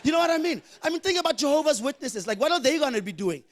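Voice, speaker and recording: High-voiced Namibian stand-up comedian. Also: male voice, very fast. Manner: animated, shouting punchlines, acting out characters. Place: comedy venue with live audience.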